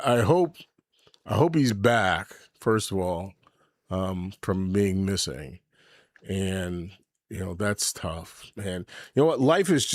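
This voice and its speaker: A man's voice: lowish voice, no room sound. A middle-aged man hosting his own podcast in a casual livestream chat, rambling candidly, swearing freely and answering his live chat as he goes. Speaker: podcast host. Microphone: desk mic with camera.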